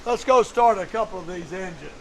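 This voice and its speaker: A man's voice: sits high, expressive, brisk, gravelly, a bit bright, a little hiss or hum, low-quality recording. A man in his nineties giving a museum tour, telling folksy stories in a plain-spoken, chuckling way. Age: 90s. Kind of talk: storytelling on a guided tour.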